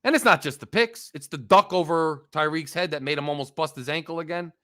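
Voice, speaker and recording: A man's voice: a little high, fairly quick, pushed and bright. A man hosting a sports fan show, ranting emphatically and wryly about his team's problems. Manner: emphatic, wry, repetitive ranting. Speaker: sports podcast host. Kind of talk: casual fan rant.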